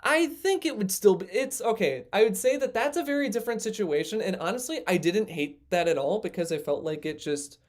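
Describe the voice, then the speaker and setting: Male livestream host with a slightly high voice, loose and rambling with frequent ums. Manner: rambling, lots of fillers, self-deprecating. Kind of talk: casual livestream chat.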